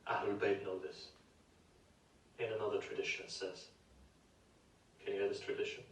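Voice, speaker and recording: A man delivering a sermon, telling a sacred story with deep emotion and rising into emphatic pleas. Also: steady tone, a little fast, pauses often, slight background noise. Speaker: preacher. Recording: roomy, from far off the mic.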